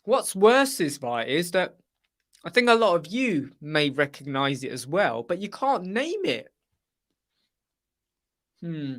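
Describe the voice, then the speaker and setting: A man's voice: a little high, sing-song, slow pace, long pauses. A man hosting a live web chat, rambling casually and mimicking other people's voices as he tells anecdotes.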